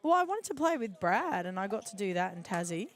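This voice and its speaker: A woman's voice: medium pitch, sing-song, fairly quick. Chatty woman laughing through sports talk. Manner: chatty, self-deprecating, laughs often. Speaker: guest in the commentary booth. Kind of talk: casual chat on a sports broadcast.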